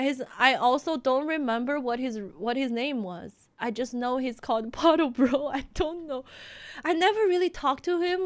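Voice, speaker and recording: A young woman from China, telling a story casually on a stream and laughing often. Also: sits high.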